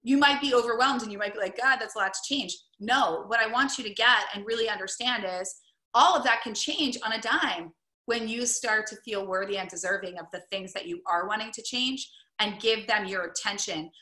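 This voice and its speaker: Speaking a little fast in a mid-range voice with a sharp tone, this woman coaches viewers on wellness in a casual talk to camera. She stays upbeat, leaning on "like" and "right?", in an echoey room.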